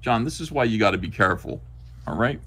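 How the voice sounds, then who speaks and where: A man's voice: lowish voice, fast talker, slightly rough. A man hosting a casual comic review stream, talking animatedly and reading panels aloud. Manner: animated, reads comic dialogue aloud in acted voices. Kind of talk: casual chat on a livestream.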